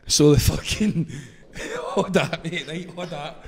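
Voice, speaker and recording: A man's voice: fairly high pitch, lively intonation, takes it slowly, breathy edge. A young Scottish man telling a story in casual chat, sweary and laughing as he goes. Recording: long reverb.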